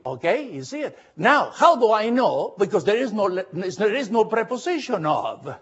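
A man leading a Bible study lecture, speaking earnestly with halting restarts and often asking the listeners whether they follow. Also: high voice, sing-song, fairly bright tone, breathy edge, dull audio. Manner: earnest, halting, often checks understanding with questions; spells out Greek letters slowly.

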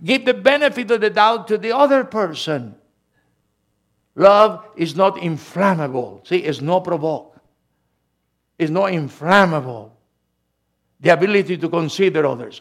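Gravelly high-voiced preacher. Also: male voice, moderate pace. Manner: animated preaching, swinging from quiet asides to loud emphatic lines. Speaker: pastor. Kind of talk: sermon.

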